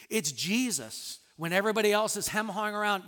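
A man preaching a sermon as a pastor, animated, acting out quoted lines with sudden loud bursts and soft drops. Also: high-pitched, a little fast, hardly any pauses, big-room sound.

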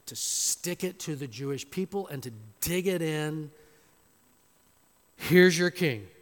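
A man preaching an expository sermon in a church, slow and emphatic, building to loud dramatic quotations. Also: medium pitch. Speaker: pastor. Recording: long hall reverb.

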